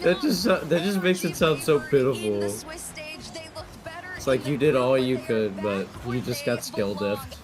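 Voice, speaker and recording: A man's voice: mid-range voice, measured pace. Wry male co-host, music behind. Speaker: watch-party co-host. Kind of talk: casual chat.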